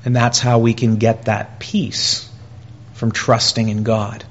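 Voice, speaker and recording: Male preacher, mid-pitched, slow and deliberate sermon delivery, earnest, repeats key phrases. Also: flat delivery, muffled recording. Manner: earnest, with pauses and repetition, rising and louder in quoted pleas.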